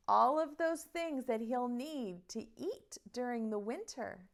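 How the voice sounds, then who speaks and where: A preschool teacher leads an online circle time, reading a picture book aloud and asking the children questions. Her voice sits high and sounds animated, and she tells the story in a slow, sing-song way.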